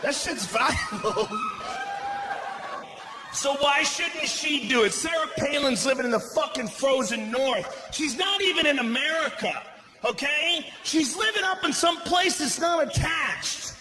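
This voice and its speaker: A man performing a stand-up comedy set, loud and profane, shouting his punchlines. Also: very high voice, expressive, a little slow. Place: comedy club stage with a laughing audience. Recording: live club recording with audible crowd noise.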